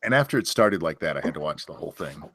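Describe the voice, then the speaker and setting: A man's voice: rumbling low, lively intonation, quick pace, a bit bright, breathy edge, no room sound, studio quality. A man in a casual online chat, joking crudely and openly.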